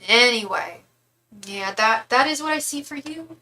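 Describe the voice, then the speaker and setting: A woman's voice: on the high side, animated, unhurried, bright, forceful tone, a little hiss or hum, poor audio. A young woman giving a casual live tarot reading, chatty and candid, thinking aloud with frequent restarts. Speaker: tarot reader.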